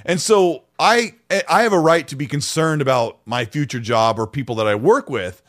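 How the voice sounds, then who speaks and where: A man co-hosting a casual podcast, telling stories in an animated, rambling way with many restarts. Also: a little high, moderate pace. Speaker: podcast co-host.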